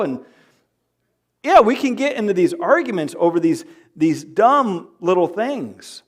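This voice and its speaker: A man with a slightly raised voice delivers an animated sermon in church. He jokes with the congregation and acts out little arguments between spouses. He swings from loud bursts to quiet asides. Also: fairly high pitch, moderate pace. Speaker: pastor. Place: church sanctuary.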